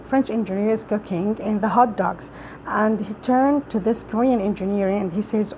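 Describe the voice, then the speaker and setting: A woman reciting a prepared talk for practice, pausing and restarting often and making small grammar slips. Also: medium pitch, fairly even intonation, a little mellow, a little hiss or hum, low-quality recording. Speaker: student practicing a speech.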